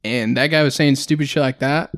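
A man's voice: medium pitch, a little fast, dry recording, clean studio sound. A man on a podcast reacting briefly and asking short questions in casual chat.

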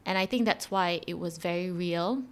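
Woman podcast host, casual animated storyteller. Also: on the low side, normal speed. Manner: chatty, animated retelling with frequent fillers. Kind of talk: casual conversational explanation.

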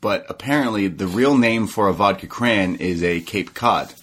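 A man co-hosting a casual chat, talking as a relaxed and enthusiastic wrestling fan. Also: fairly low pitch, normal speed, breathy edge. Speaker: co-host.

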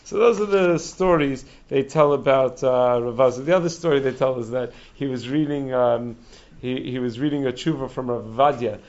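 A man telling stories in a Torah talk, animated, chuckling and often restarting his sentences. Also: medium pitch, moderate pace. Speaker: speaker giving a Torah talk. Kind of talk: storytelling talk. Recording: dull lo-fi recording.

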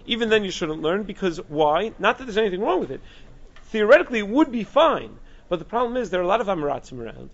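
A man teaching a class on Jewish law, lecturing in a lively way and mixing in Hebrew terms. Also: fairly high pitch. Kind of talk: halacha class. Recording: dull lo-fi recording.

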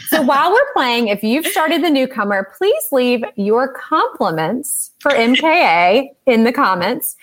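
A woman with a Southern US accent hosting an online book show, bubbly and quick to laugh. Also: on the high side. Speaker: host.

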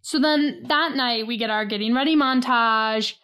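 A woman's voice: fairly high pitch, normal speed, pushed and bright, smooth. A woman co-hosting a casual podcast, chatty and gossipy as she recaps episodes. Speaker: podcast co-host.

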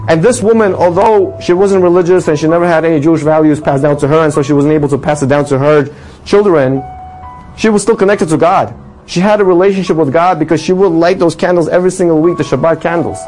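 A man telling a religious story with a moral in an animated sermon style, his voice rising for the dramatic lines. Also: on the high side, quick pace, soft background music, low-quality recording. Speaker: storyteller teaching a religious lesson.

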